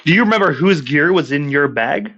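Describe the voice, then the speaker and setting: A man's voice: fairly high pitch, lively intonation, fairly quick, lo-fi sound, a crowd in the background. A man hosting a radio interview, enthusiastic and asking follow-up questions. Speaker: radio host. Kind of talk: casual interview.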